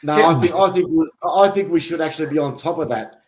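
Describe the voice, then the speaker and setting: Brief: Australian male co-host, fairly high voice, animated and defensive in banter. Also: fast talker. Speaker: podcast co-host. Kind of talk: casual sports banter.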